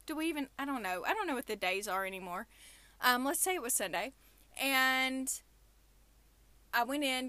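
A woman's voice: fairly high pitch, bright, forceful tone, no echo. A young adult woman hosting a casual podcast, telling stories and ranting animatedly from a small closet booth. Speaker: podcast host.

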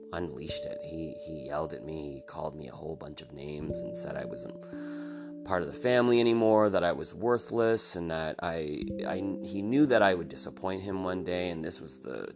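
Low-voiced man telling a story haltingly. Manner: halting, soft-spoken, with many restarts and fillers. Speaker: podcast host. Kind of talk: personal storytelling monologue. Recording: guitar music playing behind the voice.

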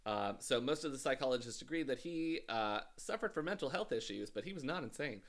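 Podcast co-host, bright lively male voice, halting and dryly wry. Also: mid-range voice. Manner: hesitant, many ums and uhs, dry asides. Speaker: podcast co-host telling a true-crime story. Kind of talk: casual chat, recounting a case.

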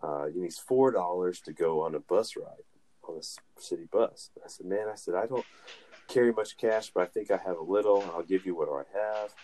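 A man with a very deep voice chats on a podcast. He tells his stories loosely, with many restarts and fillers, and laughs as he talks. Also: a little fast, warm tone. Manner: rambling, laughs while telling stories. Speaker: podcast co-host. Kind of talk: casual storytelling.

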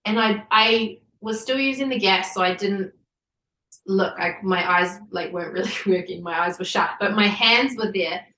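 A woman in her thirties recounts a personal story with animated energy, laughing and saying "like" often. She sits a little back from the microphone. The room around her rings. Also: mid-range voice, normal speed, roomy sound, far from the mic, low-quality recording. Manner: animated, laughing, many likes. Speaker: podcast guest.

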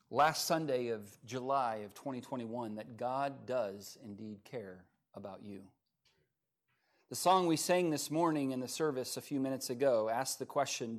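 A man preaching as pastor at a church service, with folksy humor, swinging from quiet asides to loud, rising passages. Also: mid-range voice. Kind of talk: sermon.

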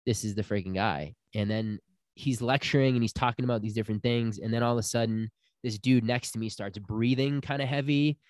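A man's voice: medium pitch, fairly quick, no echo, clean studio sound. A young man telling a personal story in casual chat, acting out the people he quotes. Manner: animated storyteller, acts out quotes.

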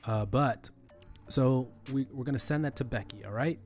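In a screen-recorded tutorial on email etiquette, a man teaches in a loose, conversational way, often restarting and repeating phrases with fillers. His voice is medium-pitched and darkish at a moderate pace, with faint music behind.

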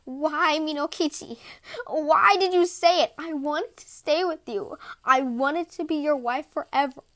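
A woman's voice: fairly high pitch, fairly even intonation, fast talker, a bit bright, slightly rough. A woman reading a storybook, voicing a sorrowful, secretive snow spirit wife who speaks in a harsh whisper. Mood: pleading.

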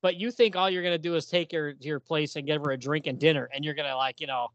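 A man's voice: on the high side, steady tone, fast talker, a bit bright, no echo, muffled recording. A man co-hosting a podcast, chatting casually and animatedly with lots of fillers and laughter. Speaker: podcast co-host. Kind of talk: casual chat about comics.

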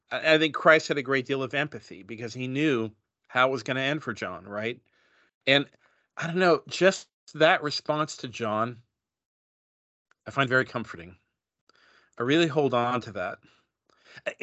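A man on a church discussion panel talks thoughtfully, his voice bright and tense. He often restarts his sentences. The sound is dry and close, with no room echo. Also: medium pitch. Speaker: panel member.

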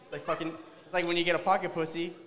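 A man's voice: a little high, flat delivery, rapid-fire, a bit bright. A man doing a crude, rambling stand-up set after a few drinks, talking to the crowd and laughing at his own jokes. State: tipsy. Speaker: stand-up comedian. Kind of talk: open-mic stand-up set. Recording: long hall reverb.

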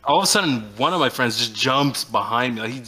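A man's voice: medium pitch, fast, a crowd in the background. A man co-hosting a casual podcast, telling stories animatedly and acting out quoted lines. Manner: animated storyteller, acts out quotes. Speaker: podcast co-host. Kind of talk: casual chat.

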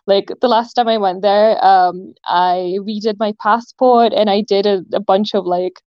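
A woman's voice: medium pitch, steady tone, a little slow, clear, resonant tone, dry recording, dull audio. A young woman from Russia, a podcast guest, chatting casually with lots of "like" and hesitations. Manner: says "like" constantly, many hesitations. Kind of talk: casual chat.

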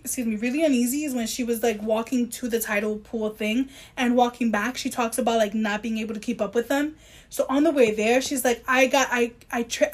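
A woman co-hosting a podcast, talking casually and animatedly about a book, often restarting her sentences. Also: on the high side. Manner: animated, self-interrupting, quotes the book in voices. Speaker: podcast co-host.

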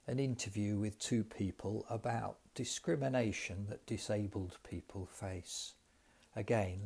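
Slow-speaking man teaching English accents. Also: fairly low pitch, darkish tone. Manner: slow, clear, explanatory. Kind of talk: recorded lesson.

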